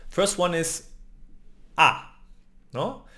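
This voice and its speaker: A man's voice: a little high, very animated, unhurried, fairly bright tone. A man giving an online language lesson, explaining patiently and often ending lines with a questioning "no?". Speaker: language teacher.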